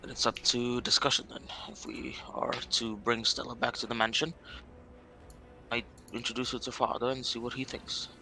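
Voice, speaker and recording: A man playing a tabletop game, speaking in character in a halting way, restarting his phrases. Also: medium pitch, little pitch movement, gravelly, sharp tone, low-quality recording. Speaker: player.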